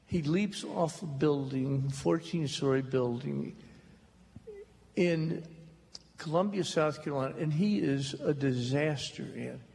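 An older man telling stories slowly and jokingly to a live audience in a hall. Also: fairly high pitch, vocal fry, darkish tone. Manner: slow, drawling, joking storyteller. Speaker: author on a talk stage. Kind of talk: storytelling at a public talk. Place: large hall before an audience. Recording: reverberant hall with faint noise.

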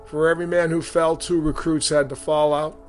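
A man telling his own story in a steady, earnest memoir reading. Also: a little high, brisk, soft background music. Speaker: storyteller recounting his boot camp.

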